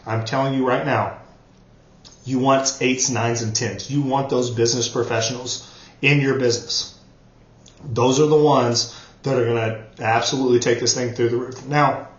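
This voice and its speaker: A man giving an earnest motivational training talk, repeating words for emphasis. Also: medium pitch. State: choked up, coughing. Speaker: network marketing trainer. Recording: roomy, dull lo-fi sound.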